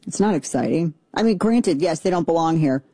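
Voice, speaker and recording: A show host giving casual commentary in an animated, sarcastic way, full of playful asides. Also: mid-range voice, fairly quick, no echo.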